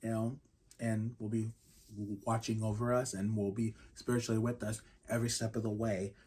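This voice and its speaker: Rambling man talking quietly, flat tone. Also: fairly low pitch, normal speed, husky. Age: 30s. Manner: rambling, restarts often, casual swearing; speaks quietly to keep the noise down. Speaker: channel host reviewing basketball games. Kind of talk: casual game review vlog.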